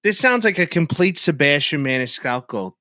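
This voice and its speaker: A podcast co-host in casual chat who jokes and riffs with quick asides. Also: mid-range voice, animated, bright, forceful tone, no room sound, studio quality.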